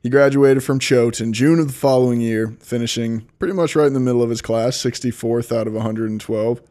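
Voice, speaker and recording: A man's voice: mid-range voice, fairly even intonation, a little fast, mellow. A man with a Boston accent co-hosting a casual comedic history podcast, reading his script in a loose, profane, laughing manner.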